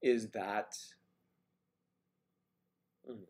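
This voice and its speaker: This man talks very slowly, his fairly low, darkish voice keeping a fairly even intonation. He hosts a casual morning livestream, reading viewers' names and comments and answering with easygoing, joking remarks.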